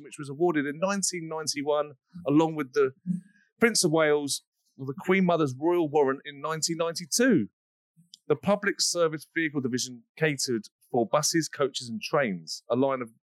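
A man's voice: a little high, no echo, rough recording. Upbeat man hosting a podcast. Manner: upbeat, jokey, rambling banter. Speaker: podcast host. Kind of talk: casual podcast chat.

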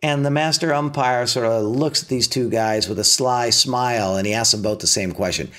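A man giving a spiritual self-help talk, telling a story and acting out its characters, with pitch that climbs when he is emphatic and drops low and soft for the point. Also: fairly quick, hardly any pauses. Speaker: motivational speaker.

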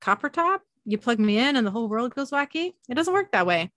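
A woman's voice: fairly high pitch, sing-song, brisk, fairly bright tone, dry recording, studio quality, voice pushed up. A woman reading the lines of a grumpy, suspicious old man in a recap podcast, in her own voice. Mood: defensive.

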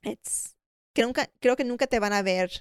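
Brief: woman guest, smooth voice, dry close sound, candid. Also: fairly high pitch, fairly quick, no room sound. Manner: candid, frustrated, switching into Spanish. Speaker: dental hygienist and professor, guest. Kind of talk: conversational interview.

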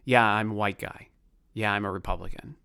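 A man from Baltimore with a Baltimore accent, hosting a podcast with a passionate, ranting monologue that swings from loud to quiet. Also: fairly low pitch, steady tone, fairly quick, smooth, dry recording, clean studio sound. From Baltimore, USA. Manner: passionate, ranting, swears, voice rising and falling. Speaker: podcast host.

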